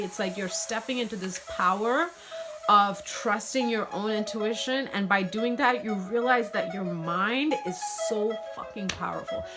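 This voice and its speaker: A woman giving a live tarot reading in an earnest, spiritual way, often checking in with "okay?" and greeting her chat viewers. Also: medium pitch. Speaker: tarot reader. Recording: music playing behind.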